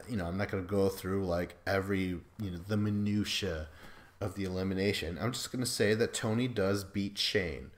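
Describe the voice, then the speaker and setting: A man hosting a podcast, recapping a reality show in a loose, profane, joking way, full of fillers and quoted asides. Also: lowish voice. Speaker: podcast host. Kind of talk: casual recap chat.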